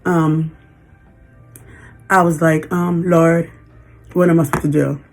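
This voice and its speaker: A woman in her fifties venting in a personal vlog, halting and emotional, holding back tears. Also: on the low side, fairly even intonation, a little mellow, faint music behind. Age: 50s. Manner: emotional, halting, frequent restarts. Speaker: vlogger.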